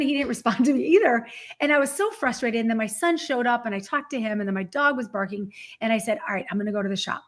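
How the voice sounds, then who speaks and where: A woman with a slightly high voice tells a story on a video call panel. She talks with excitement and acts out the lines of each person she quotes.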